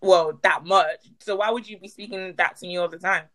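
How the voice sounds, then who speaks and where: A woman's voice: lowish voice, a little fast, a crowd in the background. A young adult woman co-hosting a podcast, emphatic and laughing often in casual chat. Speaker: podcast co-host.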